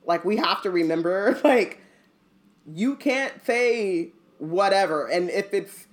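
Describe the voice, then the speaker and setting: Young female podcast co-host, casual chat, animated and slangy. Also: mid-range voice, slow. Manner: animated, slangy, laughs a lot.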